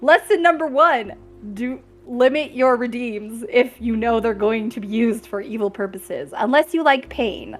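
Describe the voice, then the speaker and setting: A woman's voice: a little high, a little slow, few pauses, soft background music. A young woman streamer chatting casually, laughing often as she talks. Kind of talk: casual chat.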